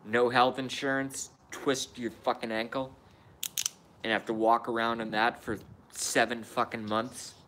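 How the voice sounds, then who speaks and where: Slow-talking, swearing male live streamer. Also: medium pitch, flat delivery, fairly bright tone, a little hiss or hum. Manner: profane, self-deprecating grumbling. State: hiccups. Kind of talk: casual live-stream chat.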